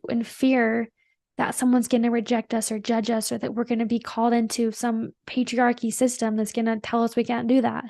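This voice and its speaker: A woman's voice: a little high, vocal fry, dark tone, dry recording, clean studio sound. A woman hosting a podcast, telling a personal story in a chatty, earnest and emotional way, full of "like" fillers. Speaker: podcast host.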